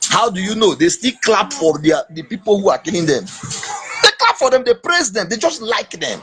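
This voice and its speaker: A man with a Nigerian accent in casual political chat, emphatic and animated, slipping into Pidgin. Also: sits high, moderate pace, soft background music. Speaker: podcast host.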